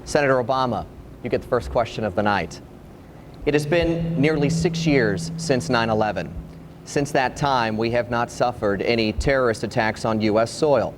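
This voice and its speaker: A man's voice: medium pitch, moderate pace, background noise. Male journalist posing a scripted question. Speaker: TV journalist panelist. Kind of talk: formal question to candidate.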